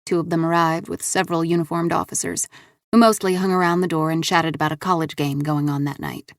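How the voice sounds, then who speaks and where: Woman, audiobook narrator, steady, measured, lowish voice, dry studio sound. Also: no room sound. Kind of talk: scripted narration.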